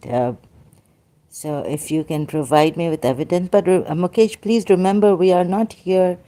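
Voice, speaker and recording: A woman in an unscripted debate, talking hesitantly with many fillers and restarts, and admitting she gets hyper and struggles to keep her voice gentle. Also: lowish voice, moderate pace. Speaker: debater in an online religious discussion.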